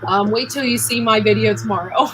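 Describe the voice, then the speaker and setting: A woman's voice: a little high, brisk, a bit bright, faint music behind, rough recording. A woman hosting a casual live chat, talking chattily and laughing often. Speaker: host.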